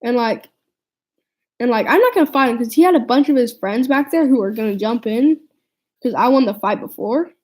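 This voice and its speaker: A teenage girl with a slightly high, mellow voice tells a storytime vlog. She rambles, trips over her restarts and leans on "like" as filler. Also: lively intonation, brisk, low-quality recording. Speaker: vlogger.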